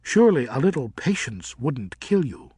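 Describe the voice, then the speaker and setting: A man voicing a gentle old female bat. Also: medium pitch, very animated, measured pace, husky, dry recording, clean studio sound. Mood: testy. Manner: gentle, soothing. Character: old, kindly female fruit bat, patient ghost.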